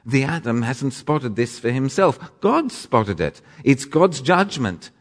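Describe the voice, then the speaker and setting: A man's voice: mid-range voice, sing-song, slow. A man preaching a sermon with dramatic emphasis, now and then correcting himself mid-phrase. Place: church. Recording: long reverb of a church.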